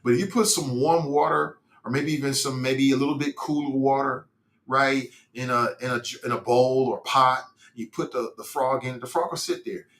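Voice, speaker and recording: A middle-aged man hosts a casual livestream podcast, talking in a loose, rambling way full of slang and restarts. His voice sounds bright and edged, set in an echoing room. He is from Cincinnati. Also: medium pitch, fairly even intonation, normal speed. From Cincinnati, United States. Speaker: podcast host reading live chat.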